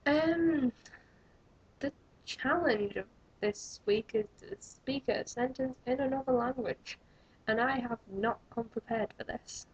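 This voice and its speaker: A young woman vlogs to camera, rambling and poking fun at herself. Her voice is high and husky, and she takes it slowly. The webcam audio is dull and lo-fi.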